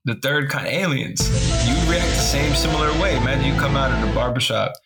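A man co-hosting a casual podcast chat, telling stories in an animated, slangy way and laughing often. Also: medium pitch, a little fast, vocal fry, over loud music. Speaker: podcast co-host.

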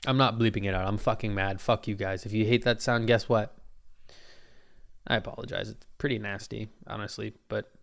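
A man hosting a casual solo podcast, telling a story in a profane, rambling, animated way with a phlegmy throat. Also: on the low side, creaky. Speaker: podcast host. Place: Portland. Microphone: podcast mic.

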